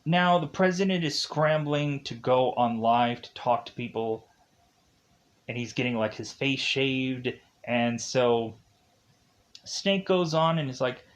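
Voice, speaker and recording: A man walks through a film's plot in an unhurried, rambling recap. His delivery is loose and casual, with frequent "like" fillers. His pitch sits in an average range. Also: animated. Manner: rambling, heavy use of "like". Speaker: film reviewer.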